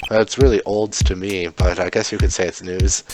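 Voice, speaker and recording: A man reading game dialogue aloud and adding dry, sarcastic asides, with loud game music behind him. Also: low voice, fairly even intonation, normal speed. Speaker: let's play gamer.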